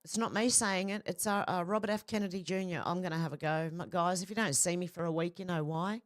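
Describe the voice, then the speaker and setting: A woman's voice: on the low side, fast. An Australian woman hosting casual commentary, chatting and reading out posts with laughs between them. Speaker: host.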